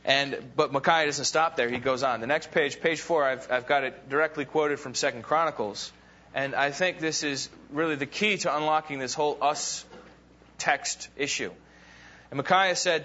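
Bright-voiced man teaching a Bible class. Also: fairly high pitch, normal speed. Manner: casual retelling with fillers, acts out quoted lines. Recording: dull lo-fi recording.

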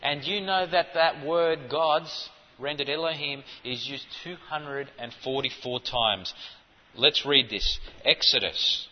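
A man preaching a sermon, teaching in an emphatic way and rising to forceful stresses. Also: fairly high pitch, takes it slowly. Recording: dull audio with long hall reverb.

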